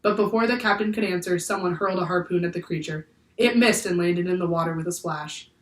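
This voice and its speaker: A woman teacher reading a children's book aloud in clear, steady storytelling. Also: fairly low pitch, a little fast. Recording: echoey room, far from the mic.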